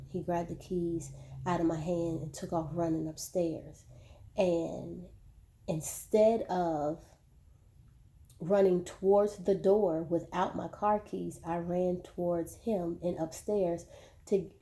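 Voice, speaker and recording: Woman, slow and measured, speaking to viewers in a dark, flat voice. Personal testimony. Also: fairly low pitch. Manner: slow, measured storytelling with repeated words.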